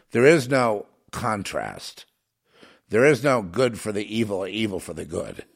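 A man's voice: fairly low pitch, gravelly, breathy edge. A man giving a ranting monologue, preachy and emphatic, rambling with many restarts and fillers.

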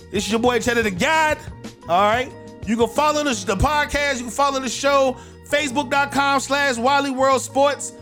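Man, very high voice, brash sports podcast host, punchy repeats, faint music behind. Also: a bit bright. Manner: brash, repetitive, punchy delivery. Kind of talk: solo sports picks commentary.

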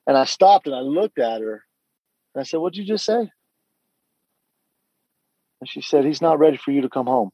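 A middle-aged man tells his own story with quiet earnestness, stumbling and restarting as he acts out the voices of others. His voice is mellow and dark, recorded close and dry with a slightly muffled, lo-fi sound. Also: medium pitch, expressive, no room sound. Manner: earnest, halting storytelling with many restarts and acted-out dialogue. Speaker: guest telling his story. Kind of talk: candid personal testimony.

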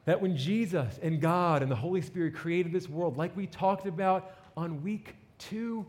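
A man's voice: high-pitched, normal speed, darkish tone. A man preaching a sermon, telling a story dramatically and acting out its voices, building to emphatic peaks. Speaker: pastor. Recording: long hall reverb.

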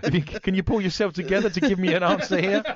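A man's voice: high-pitched, fairly even intonation, fast talker, dull audio, a crowd in the background. A man hosting a comedy podcast quiz, playful and teasing, full of puns. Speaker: quiz host.

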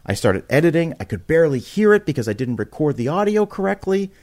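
Speaking fast, a male podcast guest launches into a lively, casual story, often restarting sentences and repeating words. Quoted lines get acted out with big pitch jumps.

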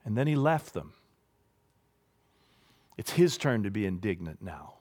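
A man preaching a sermon, building to loud high peaks and dropping to quiet low asides. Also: sing-song, measured pace. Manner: dramatic, swings from loud rising peaks to low hushed asides.

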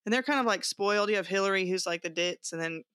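A lively woman co-hosting a podcast, talking quickly and with energy. Her voice sits in the middle range. The recording is dry and close. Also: medium pitch, clean tone, dry recording. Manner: animated, quick, laughs often. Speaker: podcast co-host. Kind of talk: casual chat.

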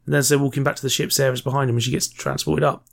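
Quick gravelly guy chatting, blunt and teasing. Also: medium pitch, little pitch movement. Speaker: podcast co-host. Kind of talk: casual chat.

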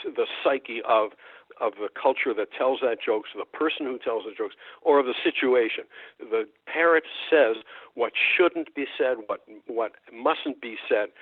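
A man, a folklorist, talking thoughtfully in a radio interview, often pausing and restarting. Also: medium pitch, no echo. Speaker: folklorist guest. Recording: dry tinny phone line.

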